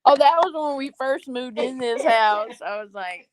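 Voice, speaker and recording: A woman chatting casually with friends, telling playful stories in an animated way. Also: high voice, unhurried, dry recording. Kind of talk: casual chat among friends.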